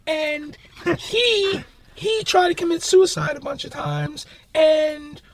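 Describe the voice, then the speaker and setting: A man's voice: very high voice, vocal fry, a little hiss or hum. A man telling a creepy family story in a casual, rambling podcast chat, with some swearing. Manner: rambling, swearing, acts out quoted voices.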